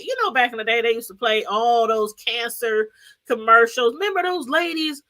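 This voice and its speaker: In a casual commentary chat on YouTube, a middle-aged woman talks to her audience at a moderate pace. Her lilting voice sits high and sounds bright and forward as she rambles animatedly, laughs a lot, and names viewers as she greets them.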